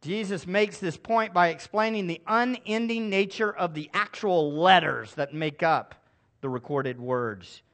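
A man's voice: high-pitched, measured pace, a bit bright. A male pastor preaching a sermon to a congregation, emphatic and calling for responses. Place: church service with a congregation.

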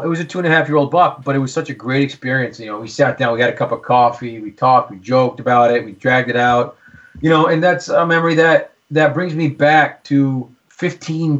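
Man, 30s, mid pitch, eager, rambling storyteller, slightly dull audio. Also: fairly bright tone. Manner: eager, rambling, repeats words while thinking. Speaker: podcast guest, bowhunter. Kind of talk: casual storytelling.

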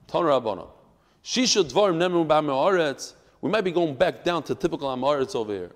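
Animated man teaching a Talmud class. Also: a little high, long reverb tail. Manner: animated, swings from quiet asides to loud emphatic outbursts. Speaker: Torah teacher.

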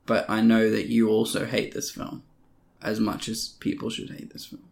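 A man's voice: on the low side, monotone, moderate pace, creaky, darkish tone. A man co-hosting a casual movie review podcast, cracking dry, teasing jokes. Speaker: podcast co-host.

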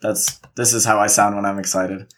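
A man's voice: on the low side, level tone, fairly quick, fairly bright tone. A young man co-hosting a casual group podcast, telling stories in a dry, self-mocking way. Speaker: podcast co-host.

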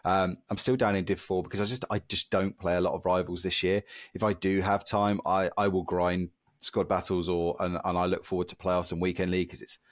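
A man co-hosting a gaming podcast, talking in a casual, self-deprecating way. His voice sits very low and steady. He chats easily with his co-host about his matches. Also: fairly quick. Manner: chatty, self-deprecating, reads sponsor spots.

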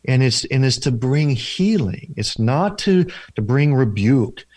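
A man of ordinary pitch tells a story in a sit-down interview. He is earnest and slows down to stress key moments, voicing the other people in it. His voice is recorded close and dry, with no room sound. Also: sing-song, a little mellow, no room sound. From former Protestant, now Catholic. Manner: earnest, slows down for emphasis, acts out dialogue. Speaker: deliverance minister, guest.

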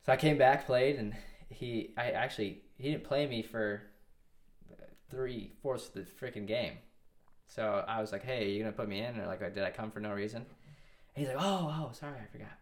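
A man's voice: lowish voice, moderate pace. A man in his twenties telling a long story in a casual interview, rambling and restarting often. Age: 20s. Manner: rambling, with many restarts and quoted dialogue. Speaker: guest.

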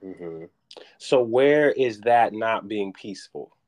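A man with a fairly low voice, teasing his co-host in a loose, playful podcast chat. He mixes ribbing with sports talk and draws his points out. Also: animated, slow, darkish tone.

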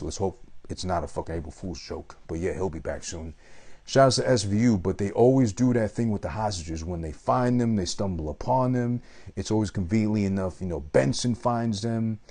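A man's voice: low voice, darkish tone. A man giving a rambling, profane, casual monologue about a movie he loves. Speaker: movie reviewer.

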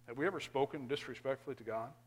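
A male pastor, preaching a sermon earnestly and emphatically, now and then dropping to quiet asides. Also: medium pitch, very fast, breathy edge.

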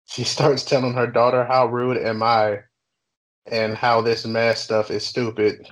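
A young adult man casually telling a workplace story on a podcast, swearing freely and talking with animated energy. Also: medium pitch, measured pace, poor audio. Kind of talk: casual chat.

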